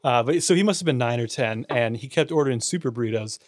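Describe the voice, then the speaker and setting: A young man in his twenties chatting casually as a podcast co-host, an animated storyteller who laughs often and jumps into quick tangents. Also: medium pitch, dry recording, clean studio sound. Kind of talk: casual chat.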